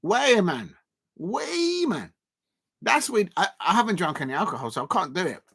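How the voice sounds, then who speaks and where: A man's voice: on the high side, very animated, quick pace, bright, forceful tone, husky. A man hosting a live football watchalong, chatting casually, reading out viewer comments, and rambling with lots of fillers and restarts. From South London, England.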